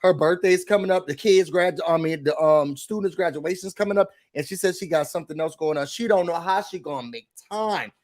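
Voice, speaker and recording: A man with a high-pitched voice hosts a casual reality show recap. He talks in an animated, gossipy way and breaks into mimicry of the cast as he goes. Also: brisk, hardly any pauses.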